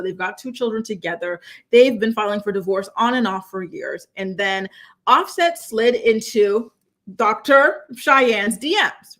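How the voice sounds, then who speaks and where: A woman's voice: on the high side, a bit bright. A woman hosting celebrity gossip commentary in a chatty, incredulous way, full of rhetorical questions. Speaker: commentary host.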